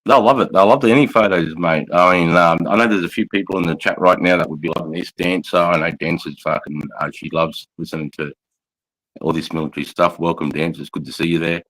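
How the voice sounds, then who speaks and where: Deep-voiced profane Australian man. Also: steady tone, fast talker, fairly bright tone, no room sound, low-quality recording. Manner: rambling, heavily profane, says mate constantly. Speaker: livestream host and military veteran. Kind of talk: casual livestream chat. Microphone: phone.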